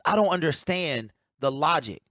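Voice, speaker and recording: A man's voice: on the high side, lively intonation, moderate pace, fairly bright tone, no room sound. A man giving opinionated sports talk as a commentator, emphatic and ranting, repeating his key points on a close mic.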